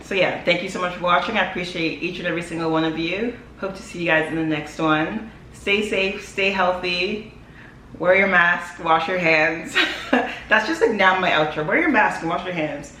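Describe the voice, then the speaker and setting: A woman's voice: on the low side, normal speed, bright, forceful tone. A young woman talking to camera in a casual vlog, chatty and emotional, full of "like" fillers. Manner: chatty and emotional, frequent "like" fillers, laughs often. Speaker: vlogger. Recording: echoey room with faint ambient noise.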